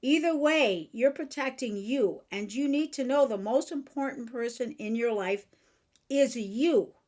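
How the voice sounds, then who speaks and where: A woman host giving a motivational self-help talk in a somewhat high voice. She speaks earnestly and frankly. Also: a little slow, a little mellow. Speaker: podcast host and author.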